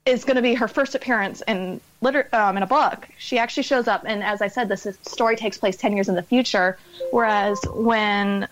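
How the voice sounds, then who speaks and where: A woman's voice: mid-range voice, a little fast, low-quality recording. A woman author being interviewed on a podcast, chatting casually and laughing at herself. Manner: chatty, self-deprecating, laughs often. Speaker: author guest.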